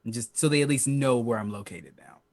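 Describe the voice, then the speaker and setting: A man's voice: mid-range voice, fairly quick, a little mellow. A man playing in a tabletop game over a call, thinking aloud with many fillers. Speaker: player. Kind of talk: casual tabletop play.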